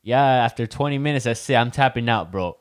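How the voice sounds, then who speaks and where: A man's voice: mid-range voice, a little fast, no echo, clean studio sound. A young man co-hosting a podcast in casual chat, swearing freely and dropping Spanish phrases into his talk. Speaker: podcast co-host.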